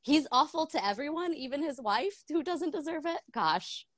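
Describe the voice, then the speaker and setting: A woman's voice: sits high, lively intonation, moderate pace, a bit bright, dry recording, clean studio sound. Laughing, candid young woman talking books. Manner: laughing often, candid, swears casually. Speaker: book club podcast co-host. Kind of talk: casual chat.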